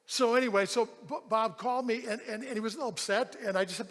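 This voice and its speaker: This man preaches as a pastor, bringing a story to life and performing the voices of the people in it. His pitch is extremely high, and he talks quickly with hardly any pauses. A large hall gives the recording a long reverb.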